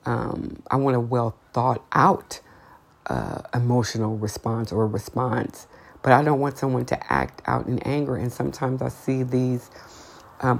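A woman's voice: rumbling low, vocal fry. A woman hosting a podcast, giving her blunt, outspoken opinions in a casual monologue, her voice climbing when she gets heated. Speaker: podcast host.

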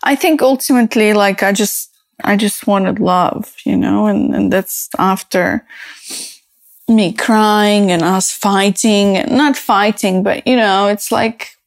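A woman hosts a personal podcast, speaking haltingly and reflectively with many fillers and restarts, emotional and close to tears. Her mid-range voice is gravelly, with no echo.

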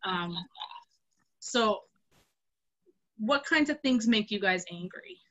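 An adult woman telling a Bible story to kids and leading a group talk, acting out the characters with a lively voice. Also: medium pitch, slow, dull audio. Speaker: youth group leader.

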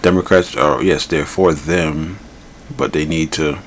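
Male podcast host, very deep voice with a gravelly fry, blunt and rambling. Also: fairly even intonation, measured pace, slight background noise. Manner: blunt, rambling, repeats himself. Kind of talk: casual political commentary.

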